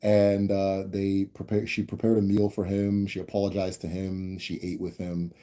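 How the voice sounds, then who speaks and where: A man's voice: low-pitched, completely flat delivery, moderate pace, warm tone. A man hosting a live stream, telling a family story in a rambling, casual way, with lots of restarts and tag questions. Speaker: host answering viewer questions.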